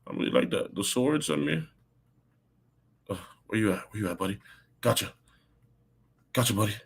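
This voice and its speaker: A young man chatting on a live stream while he plays a video game. He is excitable and talkative, reacting to the game under his breath between stories. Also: lowish voice, moderate pace, vocal fry, breathy edge. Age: young adult. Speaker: guest college football player. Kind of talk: casual live-stream chat while gaming.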